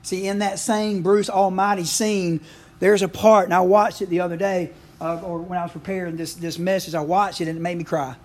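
A man's voice: high voice, fairly even intonation, fairly quick. Folksy man preaching a sermon. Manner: folksy, conversational preaching with frequent asides. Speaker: pastor.

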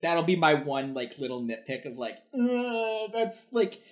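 Excitable guy on a movie podcast, swears a lot, stumbles over words. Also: medium pitch, moderate pace. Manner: excitable, swears freely, stammers. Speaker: film podcast co-host. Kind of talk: casual film review chat.

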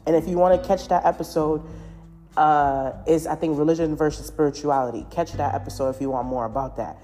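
A woman's voice: low voice, brisk, warm tone. A woman hosting a spiritual podcast, talking in an emphatic, rambling, preachy way with many restarts. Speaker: podcast host. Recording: long hall reverb with faint music.

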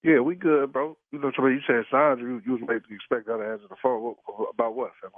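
A man's voice: medium pitch, steady tone, fast talker, no echo. A tired truck-driving man talking on the phone in blunt street slang, swearing and demanding to know who is calling. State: tired from work. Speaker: prank call target, truck driver. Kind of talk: phone conversation. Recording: tinny phone line.

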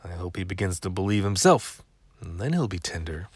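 A man voicing a cranky old male neighbor in a gruff, grumbling way. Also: low-pitched, lively intonation, brisk, no echo.

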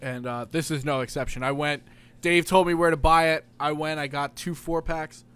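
A young man co-hosting a podcast in casual chat, animated, laughing often and swearing casually. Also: a little high, moderate pace, clean tone. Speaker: podcast co-host.

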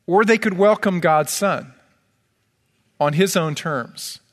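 A male pastor delivers an earnest, pleading sermon, weaving in scripture. His voice sits a little high for a man. The sound carries a long reverb from the church sanctuary. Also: slow pace.

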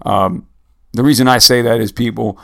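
A man's voice: mid-range voice, normal speed, gravelly. A man co-hosting a laid-back sports podcast in a medium voice. He reels off figures and where he found them in an easygoing, conversational way, tossing in the odd "you know" and "uh.". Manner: relaxed, rattles off stats and cites sources. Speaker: podcast co-host. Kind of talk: casual sports podcast chat.

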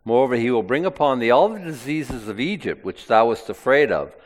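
Male preacher reading scripture and chatting about it, mid pitch, echoey church hall. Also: animated, a little fast. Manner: reads scripture, then comments in plain conversational asides. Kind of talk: sermon with Bible reading.

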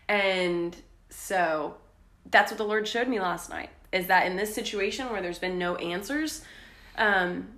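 A woman's voice: mid-range voice, echoey room. A young woman co-hosting a casual faith podcast, telling personal stories candidly and with animation. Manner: candid, animated storytelling with laughs. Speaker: podcast co-host.

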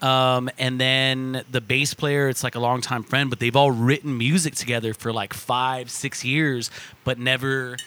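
A man's voice: medium pitch, little pitch movement, measured pace, bright, forceful tone. A man co-hosting a casual podcast chat, hesitant and trailing off as he explains.

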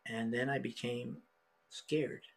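Gravelly man telling a story, halting. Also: mid-range voice, steady tone. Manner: halting, emotional, with many restarts. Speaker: podcast guest. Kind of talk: personal storytelling.

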